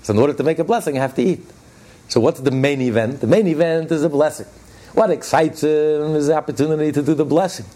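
A man's voice: a little high, fast, warm tone. Emphatic male rabbi teaching a lesson. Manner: emphatic, repeats key phrases, rising on points; plainspoken, conversational storyteller with restarts. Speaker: rabbi teaching a Torah class. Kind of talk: spoken religious lesson with storytelling.

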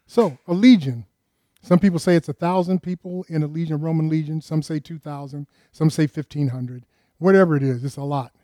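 A man's voice: fairly high pitch, a little fast, dark tone, no echo, studio quality. A man preaching a conversational sermon in a folksy way, often putting questions to his listeners.

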